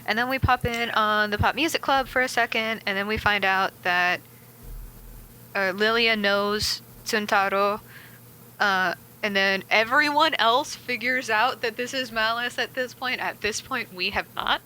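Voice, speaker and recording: A woman's voice: a little high, pushed and bright, low-quality recording. A woman co-hosting a podcast, summarizing the story casually. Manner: brisk plot summary with fillers. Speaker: podcast co-host. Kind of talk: casual chat. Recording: faint fan hum.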